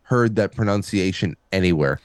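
A man co-hosting a podcast in casual chat, reading articles aloud with halting restarts. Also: deep voice, smooth, no echo. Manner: halting, repeats words, reads articles aloud. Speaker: podcast co-host.

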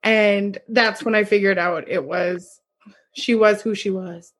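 A woman's voice: medium pitch, steady tone, measured pace. A woman in casual chat about a TV series, conversational and thoughtful, asking questions.

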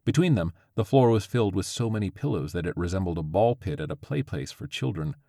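Deep-voiced man narrating a story. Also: animated, brisk, warm tone, no echo, clean studio sound.

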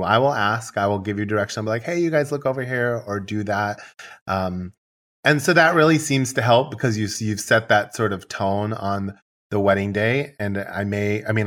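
A man, a wedding photographer, chatting casually and rambling through stories, acting out what he tells his couples. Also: lowish voice. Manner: relaxed, rambling storyteller who acts out his own dialogue. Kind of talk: casual podcast conversation.

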